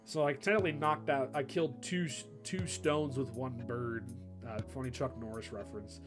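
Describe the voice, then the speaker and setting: A young man chatting loosely about a game, midrange in pitch and full of fillers and stumbling restarts. Steady music plays under his voice. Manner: rambling, many fillers and restarts, does quick impressions. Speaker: video host. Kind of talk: casual commentary chat. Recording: background music over the voice.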